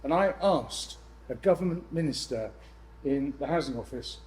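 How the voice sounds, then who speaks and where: A man presenting to a room of landlords, lively and jokey with exasperated asides. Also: a little high, normal speed, a little hiss or hum, low-quality recording. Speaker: letting agent speaking at a landlord event. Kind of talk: live seminar presentation.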